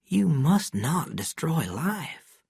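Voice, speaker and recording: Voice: medium pitch, sing-song, extremely slow, creaky, breathy edge, no echo, clean studio sound, voice pushed up, exaggerated voice. A reader doing Doctor Tilson, a stern country doctor. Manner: firm, at times hushed and soft. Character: stern but kindly male country doctor.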